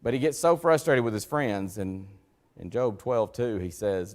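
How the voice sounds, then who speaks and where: A man preaches a folksy, conversational sermon in a church sanctuary. He swings from loud, emphatic lines to hushed, low asides and acts out the voices he quotes. His voice carries a long, ringing reverb from the hall. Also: measured pace.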